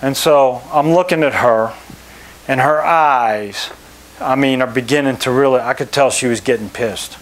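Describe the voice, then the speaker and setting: A middle-aged man, a club manager, telling lively anecdotes to an audience and acting out the people he quotes. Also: medium pitch, normal speed. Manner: animated storyteller, acts out quoted people. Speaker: country club general manager.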